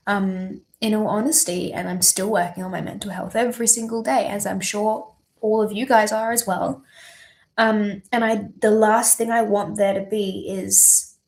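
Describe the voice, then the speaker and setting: A young woman, a singer-songwriter on a livestream, talking candidly and tearfully with lots of swearing and ums. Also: medium pitch. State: teary, voice wavering. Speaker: singer-songwriter streaming live. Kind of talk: emotional livestream chat.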